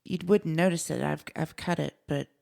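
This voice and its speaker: A woman's voice: sits low, moderate pace, creaky, warm tone. A woman with a light Southern accent, a paranormal investigator speaking hesitantly in casual podcast chat. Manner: hesitant, repeats words.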